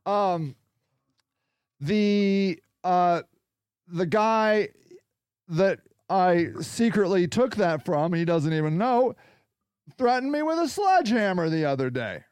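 High-voiced man chatting in a dry room. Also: animated, slow pace, long pauses, a little mellow, smooth, no room sound. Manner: rambling, chatty, reacts to viewer comments. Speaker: podcast host. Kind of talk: casual livestream chat.

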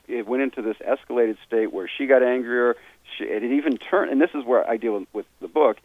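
A man's voice: medium pitch, no echo. A man speaking as a therapist guest, earnestly explaining, with frequent restarts. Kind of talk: conversational interview talk. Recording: dry, tinny phone line.

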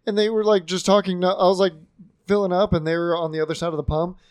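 A young podcast co-host chatting casually and telling rambling anecdotes. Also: male voice, sits high, no echo, clean studio sound. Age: young adult. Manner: rambling storyteller, quick bursts when excited. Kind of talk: casual chat.

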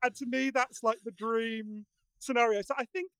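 A man talking as a podcast guest, earnest and animated, telling stories with frequent restarts. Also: extremely high pitch, normal speed, clear, resonant tone, no echo. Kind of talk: casual conversation.

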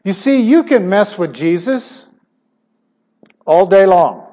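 A middle-aged man preaching a sermon emphatically, his voice swinging suddenly between loud stressed words and quiet asides. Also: sits high, big pitch swings, slow pace, muffled recording.

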